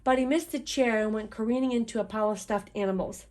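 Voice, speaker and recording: A woman reading a children's picture book aloud in an expressive, lively storytelling manner. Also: a little high, quick pace.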